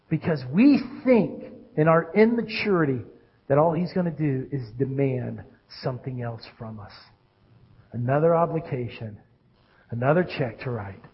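A man, a pastor with children, preaching a sermon with animated swings between loud calls and hushed lows. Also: breathy edge, highs cut off. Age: adult with children.

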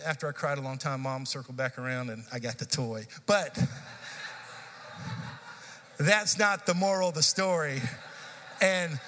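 A man in his forties preaching a sermon, telling a childhood story in a casual, animated, conversational way. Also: a little high. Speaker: pastor. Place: church sanctuary. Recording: church hall reverb.

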